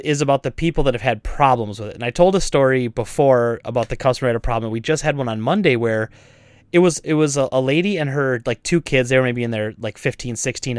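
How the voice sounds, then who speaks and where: A man co-hosting a podcast, ranting in a casual, animated and exasperated way about store customers. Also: mid-range voice, dry recording, clean studio sound. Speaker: podcast co-host and store owner.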